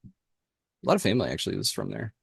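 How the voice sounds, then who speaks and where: Deep husky-voiced man. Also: sing-song, very fast, no room sound, clean studio sound. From Indiana. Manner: easygoing, brief replies. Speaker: podcast co-host. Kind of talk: casual chat.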